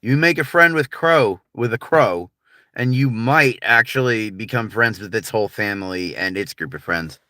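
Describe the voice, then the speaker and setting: Bright, laid-back American streamer. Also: male voice, lowish voice, normal speed, no echo, clean studio sound. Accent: General American. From United States. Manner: laid-back, rambling, lots of filler words. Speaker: livestreamer. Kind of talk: casual livestream chat.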